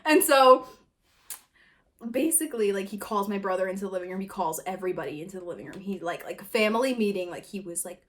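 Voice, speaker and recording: A woman's voice: medium pitch, animated, fast talker. A young woman telling a storytime vlog, casual, packed with filler words and swearing. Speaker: vlogger.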